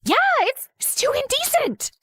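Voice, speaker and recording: A woman's voice: very high voice, normal speed, dry recording, studio quality, exaggerated voice. A woman narrating as a feisty, flustered young heroine. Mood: dramatic. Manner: animated, exclamatory storytelling. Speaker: narrator and lead. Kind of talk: animated story narration.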